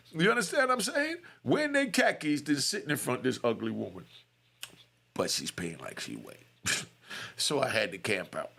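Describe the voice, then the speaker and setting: Gravelly, animated man telling a story. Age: middle-aged. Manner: animated, swoops into high quoted voices, frequent "you know what I mean"; blunt, raw street slang. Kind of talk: casual storytelling.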